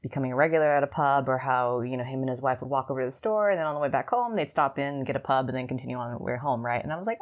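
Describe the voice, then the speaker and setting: A woman's voice: a bass voice, racing, hardly any pauses. A young woman from California, co-hosting a podcast and telling a long story in a rambling, casual way full of fillers. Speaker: podcast co-host. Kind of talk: casual chat.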